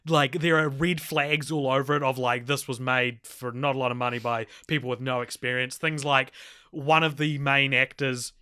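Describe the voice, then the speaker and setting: Rambling podcast co-host, bright and forceful, dry close mic. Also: male voice, mid-range voice, normal speed, clean tone, dry recording. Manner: animated, rambling, laughs often. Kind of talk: casual film review chat.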